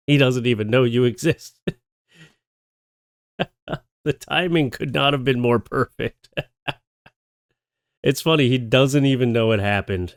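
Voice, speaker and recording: A man hosting a comedic reaction commentary, animated and joking, slipping into quick silly voices. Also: mid-range voice, vocal fry, dry recording, studio quality. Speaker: commentary host.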